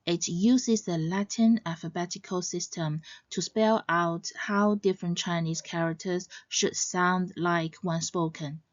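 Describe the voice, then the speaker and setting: A woman giving a scripted educational narration as a language teacher, in a measured, clearly explaining way. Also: lowish voice, fairly even intonation, no room sound, muffled recording.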